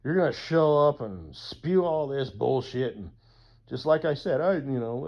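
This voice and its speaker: A man's voice: medium pitch, animated, measured pace. A man talking in a casual rambling monologue as a YouTuber, profane and full of whooping asides, on slightly dull lo-fi audio.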